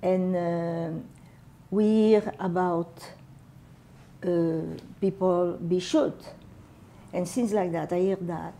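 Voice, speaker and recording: A woman in her eighties with a French and Catalan accent, a native Catalan speaker, recalling her wartime childhood for an interviewer in unhurried, halting English. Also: on the low side, fairly even intonation, mellow. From France. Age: 80s. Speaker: veteran oral history interviewee. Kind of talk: personal war memories told to an interviewer.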